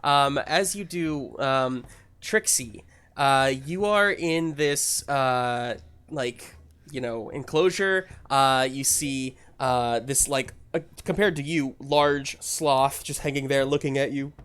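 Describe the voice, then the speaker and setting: Guy running a tabletop game, laid back, lots of ums and quick asides. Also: medium pitch, clean tone. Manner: relaxed and rambling, many fillers, quick asides. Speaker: game master.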